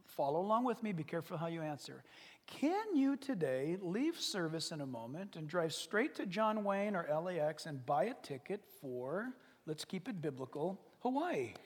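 A pastor preaching a sermon, animated and dramatic, dropping to whispers and acting out little scenes. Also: male voice, a little high, moderate pace, in a large hall. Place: church service.

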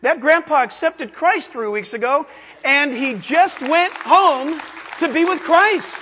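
A man preaching a sermon as pastor, animated, acting out voices and laughing as he teaches. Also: extremely high pitch, slow pace, a faint crowd, a little hiss or hum. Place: church sanctuary. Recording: long reverb of a large hall.

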